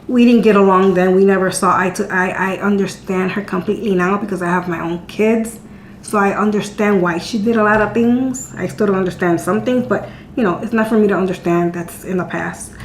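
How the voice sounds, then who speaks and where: Speaking a little fast in a steady, medium-pitched voice, a vlogger in her thirties answers viewer questions by telling a personal story. She's chatty and candid, often repeating words. Her echoey room carries a faint hum.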